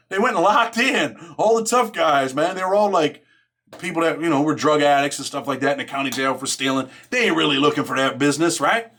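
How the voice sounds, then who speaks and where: A man's voice: a little high, fairly bright tone. A man hosting his own show, telling a story in a casual, streetwise, profane way and dropping "man" into nearly every phrase. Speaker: host.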